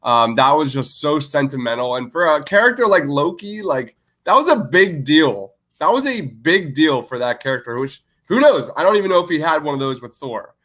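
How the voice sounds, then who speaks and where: A man's voice: fairly high pitch, sing-song, normal speed, few pauses, fairly bright tone. A man co-hosting a podcast in casual chat, enthusiastic and full of filler words. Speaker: podcast co-host.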